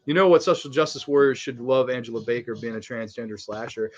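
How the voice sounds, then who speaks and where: A man hosting a casual fan commentary on a movie, excitable and crude, laughing often. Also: mid-range voice, quick pace. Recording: slightly dull lo-fi audio.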